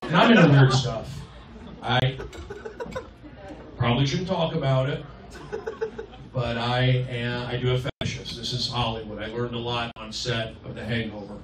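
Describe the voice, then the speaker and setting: A man doing a live stand-up set, riffing with the crowd and swinging between loud and soft. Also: mid-range voice, steady tone, normal speed, pauses often. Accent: Californian. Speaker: stand-up comedian. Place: comedy club stage. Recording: roomy, distant live club recording. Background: loud crowd laughter and noise.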